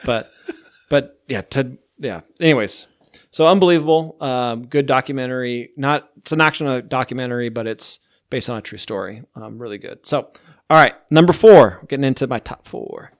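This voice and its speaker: A man's voice: mid-range voice, normal speed, dry recording, studio quality. Rambling male podcast host. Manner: rambling, heavy use of "like". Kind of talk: casual chat, ranking TV shows.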